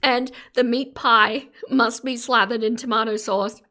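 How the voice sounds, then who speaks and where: A woman's voice: a little high, steady tone, measured pace, sharp tone. An Australian woman chatting casually on a live stream, laughing often and teasing her chat. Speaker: streamer reacting to videos.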